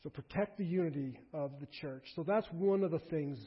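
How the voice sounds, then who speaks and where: A man's voice: on the high side, brisk, husky. A man preaching a sermon to his congregation, earnest and pleading, often restarting his sentences. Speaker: pastor. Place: church sanctuary. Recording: muffled sound with a long hall echo.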